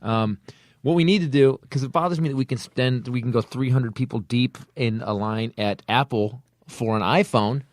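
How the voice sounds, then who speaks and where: A man's voice: mid-range voice, normal speed, hardly any pauses, no room sound, clean studio sound. Profane, fired-up male podcast host. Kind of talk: comedic political rant and casual chat.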